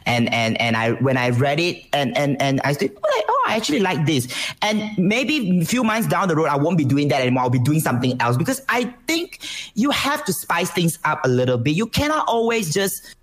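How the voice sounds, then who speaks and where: A woman from Malaysia with a Malaysian accent, a streamer chatting casually in an interview, animated and full of restarts. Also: deep voice, a little fast. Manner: animated, lively delivery with frequent restarts. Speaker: Twitch streamer, guest.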